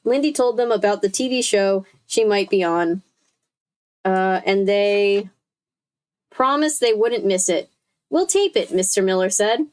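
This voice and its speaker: A woman's voice: mid-range voice, a little slow, a little mellow, clean tone. A woman reading a children's horror book aloud on a stream, breaking off for chatty, swearing asides. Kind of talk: casual read-aloud on a stream.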